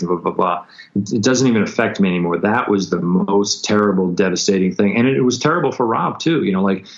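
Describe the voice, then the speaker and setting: A man recounting a painful story as a podcast guest, intense and halting, with frequent restarts and acted-out quotes. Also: fairly low pitch. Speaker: guest musician. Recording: dull lo-fi sound.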